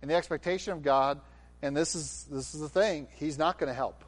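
A man's voice: fairly high pitch, a little fast. A middle-aged man preaching a sermon, with acted quotes and passionate, rising delivery. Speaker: pastor.

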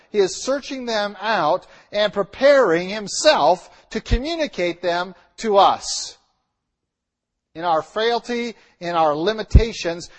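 A man preaching a sermon to his congregation, emphatic and direct, repeating key lines with slow, stressed words. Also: high voice. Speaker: pastor.

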